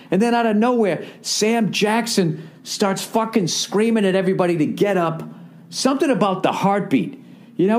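Profane rambling man, high voice. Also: a little fast. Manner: profane, rambling, animated storytelling. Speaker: podcast host. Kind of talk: casual comedic monologue.

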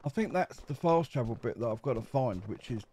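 Slight background noise sits under a man whose medium-pitched, dark-toned voice is expressive and a little fast. Acting as gameplay commentator, he keeps his casual survival-game let's-play chatty and cheeky, joking with the in-game characters.

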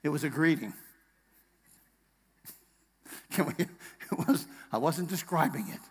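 Pastor, hushed to rousing, in a reverberant hall. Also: male voice, on the high side, lively intonation, slow, breathy edge. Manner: swings from hushed tender passages to loud emphatic rallying; jokes with the congregation and asks them questions. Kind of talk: sermon. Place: church sanctuary.

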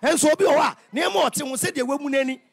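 A Ghanaian man hosting a radio talk show, preaching in an animated, sing-song way that often breaks into shouting. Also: very high voice, racing, creaky. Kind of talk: lively preaching on radio, mixing local language with English. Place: radio studio.

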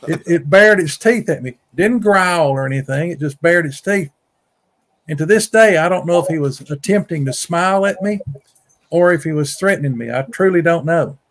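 A man's voice: a little high, lively intonation, moderate pace. Folksy man telling a tale. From Mississippi. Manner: folksy, repeats words, acts out quotes in a raised voice. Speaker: guest storyteller, Bigfoot researcher. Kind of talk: casual storytelling in a conversation. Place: home on a rural farm.

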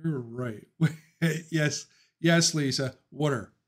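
A Philadelphia man hosts a casual livestream, speaking slowly at medium pitch as he works through viewer comments. He rants his opinions, laughs often, and thinks aloud with frequent ums and restarts.

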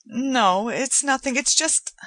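A woman reading as a troubled young man who keeps stopping short, his lines lifted a little above the reader's usual low voice. He stumbles and trails off, in a dry, close recording. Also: sharp tone, dry recording, full character voice. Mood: anxious. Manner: halting, breaking off mid-sentence. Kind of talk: audiobook character voice.

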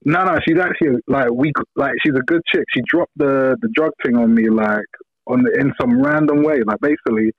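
A young man phones into a live show, voice squeezed thin by the phone line. He rambles in easy slang at a middling pitch, with no room echo at all. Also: fairly quick. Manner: rambling, laid-back, slangy. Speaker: caller.

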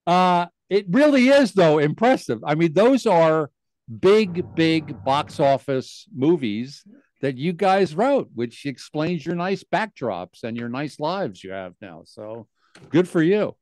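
Older guy hosting a chat show, lively storyteller, pitch jumps all over, dry close sound. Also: slow pace, dry recording. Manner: animated storyteller, acts out quotes. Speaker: podcast host.

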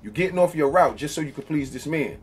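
A man's voice: a little high, lively intonation, fast talker, breathy edge. A man giving a casual storytelling monologue about relationships, acting out quoted lines and checking in with "okay?". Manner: conversational, acts out quoted lines, frequent "okay?" check-ins. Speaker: relationship talk host.

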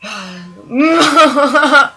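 A woman hosting a gaming channel, giving let's-play commentary while growing frustrated, swearing and yelling at the game character and talking to her viewers. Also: high voice, expressive, drawn-out words.

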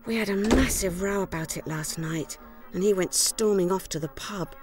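A weary housewife, played by an actress, telling her life in a scripted film monologue. She sounds wry and rueful, quietly downcast, with a voice at an ordinary middle pitch for a woman. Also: moderate pace, over music, close to an everyday voice. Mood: wistful. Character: weary, wry English housewife in a loveless marriage.

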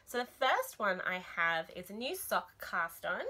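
Chatty young woman, bright voice. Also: medium pitch, very animated, measured pace. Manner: chatty and enthusiastic, with frequent ums and laughs. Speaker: knitting podcast host. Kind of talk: casual chat about knitting projects.

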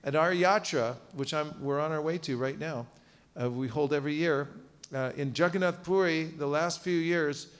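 A man with a slightly raised voice teaches a seminar to a live audience. He is playful and animated, calls on listeners, and has them chant key phrases back to him. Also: a little high, normal speed, few pauses, smooth. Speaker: seminar teacher on book distribution. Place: seminar room at a cultural center.

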